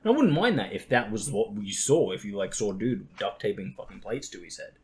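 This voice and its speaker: Low-voiced young man, swearing and joking. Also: big pitch swings, a little fast, darkish tone. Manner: profane and jokey, acts out quotes. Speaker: podcast host. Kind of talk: casual chat about gaming.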